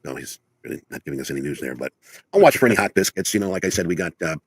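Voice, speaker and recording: Low, husky male news reader on a trading stream, relaxed and filler-heavy, brisk. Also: no room sound. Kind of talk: casual news rundown.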